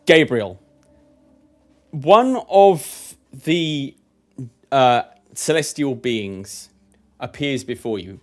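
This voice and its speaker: A young man acting as game master, narrating a tabletop game in a lively, chatty way. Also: mid-range voice, drawn-out words, long pauses.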